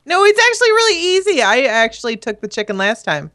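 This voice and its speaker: A woman's voice: sits high, big pitch swings, fast, a bit bright. A woman in casual game chat, organizing the group and laughing often. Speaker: gamer.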